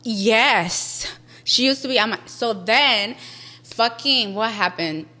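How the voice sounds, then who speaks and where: Brief: woman in her thirties, podcast guest, bright forward voice, salty casual storytelling with Spanish asides. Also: a little high, lively intonation, slow pace. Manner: swears freely, code-switches into Spanish.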